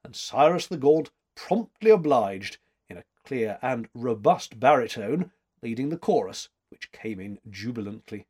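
A man narrating an audiobook in a measured, expressive storytelling manner. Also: mid-range voice, breathy edge.

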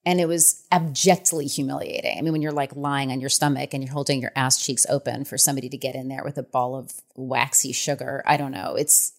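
Frank, laughing woman with a low voice. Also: brisk, few pauses. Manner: frank, animated, laughs often. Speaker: author and guest. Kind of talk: candid podcast conversation.

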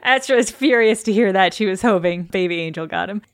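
A woman's voice: mid-range voice, a little fast, no echo. Woman player, wry dry jokes, mic super dry, no room sound. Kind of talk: casual tabletop play.

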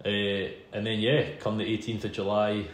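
On the low side and flat in delivery, this man talks at a moderate pace. He's a Scottish podcast host turned interview guest, casually recounting a long tale with self-deprecating chatter and frequent laughter, in a roomy space with faint hum behind him.

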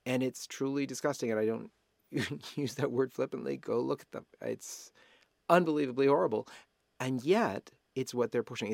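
Emphatic male host, gravelly voice. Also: medium pitch, a little mellow, no echo, studio quality. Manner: emphatic, urging. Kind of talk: talk show hosting.

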